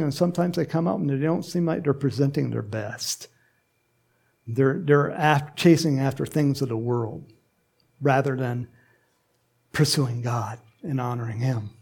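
Male pastor, sermon, conversational and animated, gravelly voice, slightly higher pitch.

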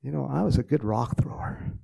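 Gravelly, mellow-voiced man preaching. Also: medium pitch, a little fast. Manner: folksy, chatty storytelling. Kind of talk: casual sermon with prayer.

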